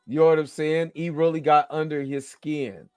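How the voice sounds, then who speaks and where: A man's voice: on the high side, level tone, normal speed, a little mellow, clear, resonant tone, no room sound, clean studio sound. Tired, chatty man reviewing a show. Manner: rambling, slangy, chatty, keeps asking "you know what I'm saying". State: tired, yawning after a long work shift. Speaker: show host reviewing a TV episode. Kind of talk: casual video review.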